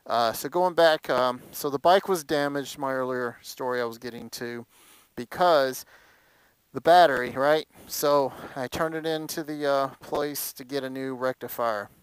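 Casual male motorcycle vlogger with a smooth, dry voice who rambles with fillers. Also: medium pitch, unhurried, dry recording, poor audio. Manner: animated storytelling. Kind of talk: casual chat.

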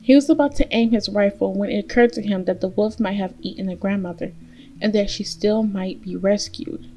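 A woman reading a fairy tale aloud as storyteller, gentle and steady. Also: mid-range voice, fairly quick, faint music behind.

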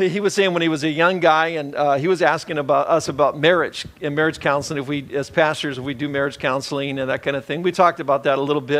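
Chatty pastor with a higher voice. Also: male voice. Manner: relaxed, rambling, many fillers and restarts. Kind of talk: conversational sermon.

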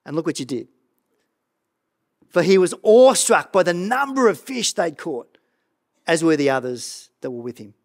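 A middle-aged man preaching a sermon as pastor of a church, earnest and animated, often stumbling and repeating words. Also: on the high side, normal speed, long pauses.

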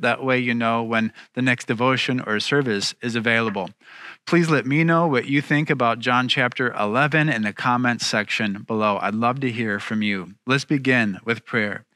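Male pastor, bright forceful tone, earnest sermon delivery, dry close sound. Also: medium pitch, dry recording. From United States. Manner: earnest, emphatic preaching with slowed key phrases. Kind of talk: sermon with scripture reading.

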